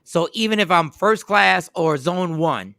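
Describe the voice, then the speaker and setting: A high-pitched man with a gravelly edge hosts a casual talk show. His tone is bright and sharp, and the recording is close and dry. He tells stories with lots of animation and acts out each scene. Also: unhurried, no room sound. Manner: animated storyteller, acts out scenes, laughs often. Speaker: podcast host. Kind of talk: casual chat.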